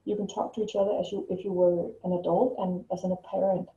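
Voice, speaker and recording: A woman's voice: fairly low pitch, little pitch movement, fast, dark tone. Distant, echoey woman telling a story. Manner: rambling, frequent restarts and repeated words. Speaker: vlogger. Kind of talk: casual personal storytelling to camera. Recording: roomy, distant, dull lo-fi sound.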